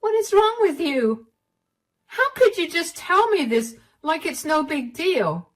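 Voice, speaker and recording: A woman's voice: on the high side, expressive, normal speed, recorded from a distance. A woman voicing a hurt young wife who confronts her husband in agitated, pleading outbursts. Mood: outraged. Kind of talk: storytelling dialogue.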